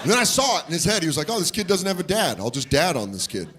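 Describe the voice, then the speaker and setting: A man's voice: racing, a crowd in the background, noisy background. A man doing stand-up, telling a story and acting out the people in it with big jumps in his voice. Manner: animated, acts out voices with big jumps in pitch. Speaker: stand-up comedian. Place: comedy club stage. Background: audience laughter.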